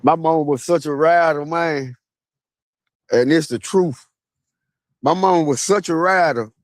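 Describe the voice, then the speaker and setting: Young guy, loose street-slang storytelling, voice sitting a bit high, dry close sound. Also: unhurried, dry recording. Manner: relaxed, slangy street talk with many fillers. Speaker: vlogger. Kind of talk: casual storytelling monologue. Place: outdoors at a graveside.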